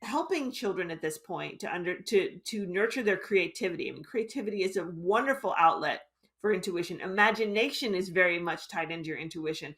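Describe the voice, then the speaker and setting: A woman's voice: fairly low pitch, expressive, a little fast, fairly bright tone. A woman author being interviewed as a guest, explaining her ideas in an earnest, fluent way. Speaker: author and intuition teacher, guest. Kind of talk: interview conversation.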